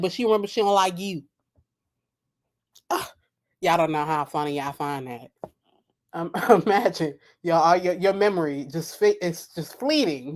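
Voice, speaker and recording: A woman hosting a late-night live reaction stream, blunt and profane, laughing at her own jokes. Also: medium pitch. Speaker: reaction video host. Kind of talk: casual live reaction commentary. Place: home at night.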